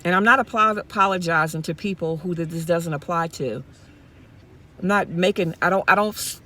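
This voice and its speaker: A woman's voice: on the low side, moderate pace, bright, forceful tone. A woman from Mississippi, talking straight to her viewers in a casual vlog, impassioned and repeating herself as she goes, speaking from her car. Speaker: YouTube vlogger.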